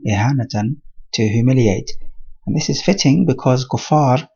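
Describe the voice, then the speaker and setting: Male Quran teacher, husky voice, steady explanatory lesson, dull lo-fi sound. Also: mid-range voice. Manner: measured explanatory delivery mixing Arabic terms.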